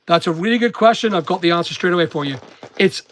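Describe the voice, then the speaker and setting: Packing orders while he chats, a Northern Irish man with a mixed English and Northern Irish accent keeps things casual and motivating. He's an online seller and vlogger who talks fast in a high, slightly bright voice, and the recording is dry.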